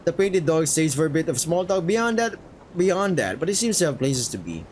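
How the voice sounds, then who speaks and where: A man streaming a story game, narrating it casually with quick asides. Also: fairly high pitch, very animated, slight background noise, rough recording. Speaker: streamer reading a game aloud.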